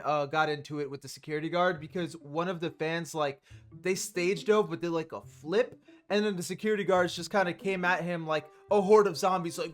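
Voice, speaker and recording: High-voiced young man, casual commentary. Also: fairly quick, fairly bright tone, soft background music. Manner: loose and profane, laughs between points. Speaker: host. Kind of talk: casual commentary on concert clips.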